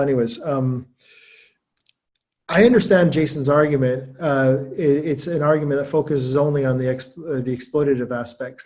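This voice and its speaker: A man giving a webinar talk as an academic guest speaker, thinking aloud quickly with many restarts and repeated words. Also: medium pitch, a little mellow.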